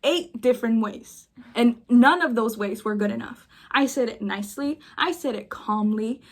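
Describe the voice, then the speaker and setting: A woman's voice: on the high side, moderate pace. A woman creator venting in a casual chat, emphatic and repeating her points for force. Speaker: video creator.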